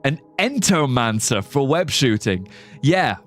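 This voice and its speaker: A man's voice: mid-range voice, sing-song, slow, soft background music. A young man streaming a game live, chatting loosely, swearing casually and laughing at his own ideas. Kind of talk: live gameplay commentary.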